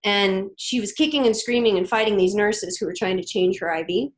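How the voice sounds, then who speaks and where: A woman in her thirties talks as a podcast guest, earnest and gentle. She pauses often and circles back to her words as she reflects. Her voice sits at an ordinary middle pitch. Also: poor audio. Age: 30s. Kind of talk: reflective interview storytelling.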